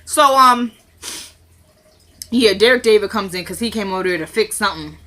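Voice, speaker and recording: A young woman casually recapping a TV episode, animated and opinionated, acting out the dialogue as she goes. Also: mid-range voice, moderate pace.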